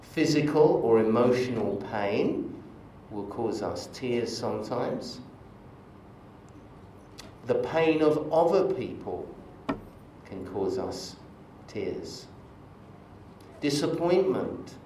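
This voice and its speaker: Slow-speaking preacher in an echoey church. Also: male voice, medium pitch, expressive, mellow, distant mic, slight background noise. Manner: conversational, storytelling with asides. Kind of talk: sermon.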